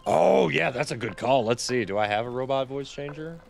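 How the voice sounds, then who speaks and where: A man's voice: medium pitch, expressive, moderate pace, vocal fry, soft background music. A man streaming a video game, chatting casually with viewers, swearing freely and laughing often. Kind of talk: casual gameplay commentary.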